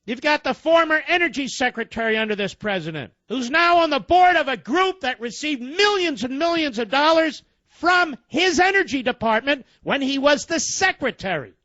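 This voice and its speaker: A man's voice: very high voice, big pitch swings, normal speed, pushed and bright, no room sound, dull audio. A man hosting a talk radio show, delivering indignant, emphatic commentary full of rhetorical questions.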